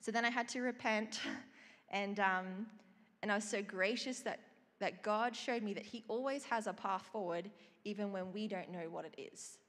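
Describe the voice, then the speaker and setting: A woman preaching a sermon, telling of a vision in an expressive storytelling way and reading scripture. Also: mid-range voice, normal speed, in a large hall.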